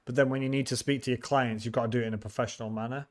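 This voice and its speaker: A man's voice: mid-range voice, steady tone, very fast. A man hosting a casual livestream, reading out viewer comments, teasing them and laughing often. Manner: chatty, teasing, laughs often, frequent restarts. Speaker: livestream host.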